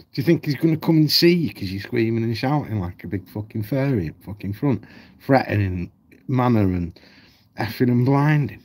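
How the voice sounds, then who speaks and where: A man's voice: mid-range voice, lively intonation, a little fast, a little mellow. A man ranting at home on his channel, blunt, heated and full of swearing. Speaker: vlogger. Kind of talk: ranting commentary.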